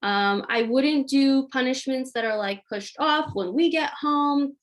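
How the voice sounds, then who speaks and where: A woman's voice: high voice, measured pace, few pauses. A woman hosting a live question-and-answer session on a video call, giving parenting advice in a casual, chatty way with frequent fillers.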